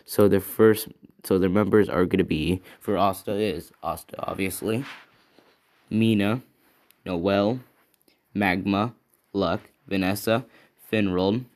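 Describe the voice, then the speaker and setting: A man's voice: low-pitched, steady tone, takes it slowly, long pauses, a little mellow. A man improvising a fan story in a casual, rambling way, thinking aloud and correcting himself as he goes.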